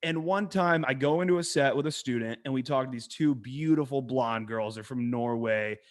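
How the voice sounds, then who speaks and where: A man, a dating coach, talking casually on a podcast, an animated and profane storyteller who acts out quotes in a hushed voice. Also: medium pitch, normal speed. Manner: profane, emphatic.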